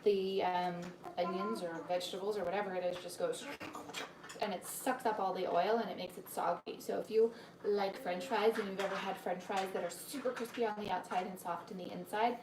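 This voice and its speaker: A woman's voice: medium pitch, fairly even intonation, brisk, recorded from a distance, noisy background. Chatty woman in an echoey kitchen. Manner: chatty, greets viewers by name, trails off and restarts. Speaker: cooking demo host and cookbook author. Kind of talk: live-streamed cooking demonstration. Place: home kitchen.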